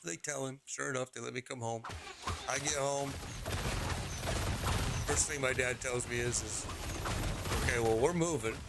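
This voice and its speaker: A man's voice: medium pitch, gravelly, background noise. A middle-aged man streaming, telling a rambling personal story in casual talk, repeating phrases and laughing as he goes.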